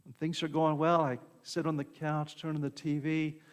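A man delivers a sermon in an easy, conversational style. His voice sits a little high for a man and he keeps asking "right?" of his listeners. The sound carries the long reverb of a large hall. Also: little pitch movement, moderate pace, clean tone. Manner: conversational preaching, frequent "right?" asides and repeated words. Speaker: pastor.

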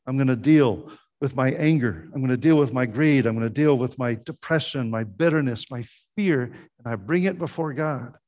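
A man's voice: mid-range voice, moderate pace, darkish tone. A man preaching a sermon as pastor, earnest and conversational, often restarting his phrases.

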